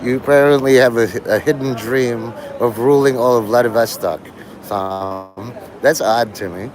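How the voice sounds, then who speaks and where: A man's voice: medium pitch, steady tone, normal speed, faint music behind, poor audio. A man live-streaming outdoors on a city street, chatting in a rambling, meandering way and laughing often between thoughts. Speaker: livestreamer.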